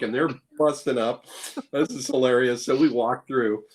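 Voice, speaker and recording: A guest blacksmith with a brisk, mid-range voice tells casual anecdotes, full of fillers and restarts. He's playful and acts out the quoted lines himself.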